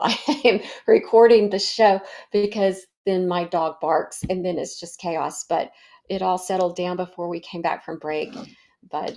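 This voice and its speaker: A middle-aged woman with a low-sitting voice hosts a wellness podcast, sharing a personal story. Her delivery is warm and reflective, sprinkled with fillers.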